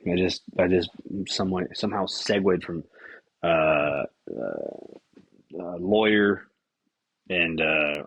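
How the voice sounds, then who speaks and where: Husky low-voiced man rambling casually. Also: dry recording, dull audio. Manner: casual, profane, scattered and self-interrupting. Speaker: podcast host. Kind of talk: rambling solo podcast monologue.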